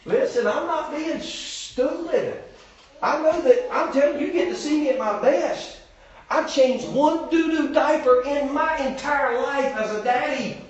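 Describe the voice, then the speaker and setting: A man preaching a comic sermon, telling jokey stories and often shouting. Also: very high-pitched, a little slow, distant mic, dull audio. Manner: joking storyteller, often shouting. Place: church sanctuary. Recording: echoey church hall from afar.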